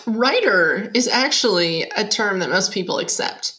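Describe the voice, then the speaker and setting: A woman's voice: mid-range voice, expressive, normal speed, bright, forceful tone. A young adult woman, a guest on an interview show, chatting casually with lots of fillers and frequent laughter. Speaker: podcast guest, digital nomad writer.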